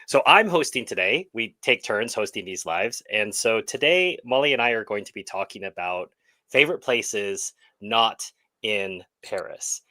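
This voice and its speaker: An American man co-hosting a relaxed live chat, his voice bright and forward. The sound is dry and close, with no room around it. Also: lowish voice, a little slow, no room sound. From United States. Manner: chatty, reflective, playful asides. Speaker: co-host.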